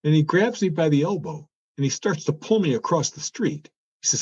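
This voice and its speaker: Husky older man telling a story. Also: a little high, brisk. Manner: animated, acts out quoted dialogue. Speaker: guest, former car executive. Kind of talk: storytelling interview anecdote. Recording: dull lo-fi sound.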